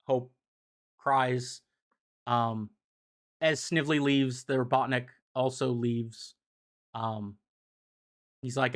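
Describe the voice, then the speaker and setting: A man's voice: medium pitch, fairly bright tone. A young man casually recapping comic issues on a livestream, rambling with fillers and the odd swear. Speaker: streamer explaining comics.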